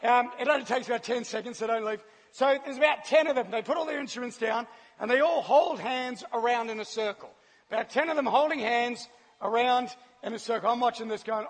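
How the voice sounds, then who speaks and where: A man's voice: very high voice, moderate pace, creaky, fairly bright tone, slightly rough. A man giving a personal testimony to a live audience, acting out scenes and laughing often as he tells the story. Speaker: guest speaker. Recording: long hall reverb.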